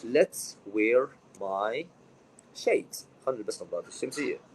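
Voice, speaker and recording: Brief: upbeat man, Arabic-speaking English teacher, quick-paced live lesson host. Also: medium pitch, lively intonation, breathy edge, low-quality recording.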